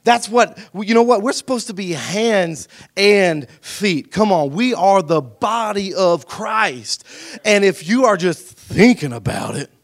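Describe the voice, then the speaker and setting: A preacher with a fairly high voice delivers a sermon in a church, dropping low and soft before bursting into shouted emphasis. His pitch leaps around, and he keeps calling out to the congregation, pulling them in for a response. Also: animated, slow pace. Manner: swings from hushed and intimate to shouted emphasis, calls for response. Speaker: pastor. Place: church sanctuary.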